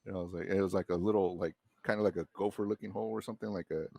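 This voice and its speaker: Male podcast guest, deep voice, laid-back storyteller who rambles with slang. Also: steady tone, very fast, gravelly, darkish tone, slightly rough, no echo, clean studio sound. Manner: loose and rambling, heavy slang and swearing. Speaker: podcast guest, former Marine. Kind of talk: casual storytelling.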